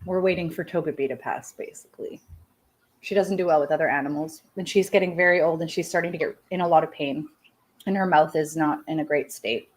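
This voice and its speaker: A woman's voice: low voice, steady tone, brisk. A woman in her thirties hosting a live show, chatting casually with viewers, laughing often and making self-deprecating asides. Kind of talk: casual personal chat.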